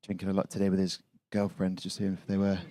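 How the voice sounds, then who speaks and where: A man doing a live stand-up set in a comedy club, rambling and self-mocking, laughing through his own lines and getting louder as his stories build. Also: low voice, completely flat delivery, quick pace.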